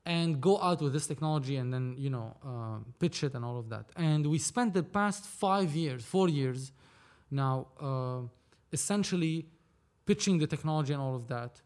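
A man's voice: on the high side, expressive, normal speed, few pauses, darkish tone. A man from Lebanon, a film producer, telling a story in a casual interview, acting out dialogue and swearing freely.

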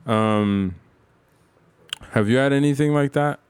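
A man's voice: mid-range voice, slow, smooth, dry recording. A man hosting a casual talk, asking questions in a hesitant, easygoing way. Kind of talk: casual interview.

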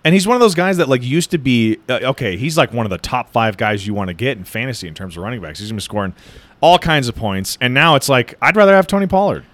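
A man chatting casually about sports, animated and teasing. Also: medium pitch, fast talker, no room sound.

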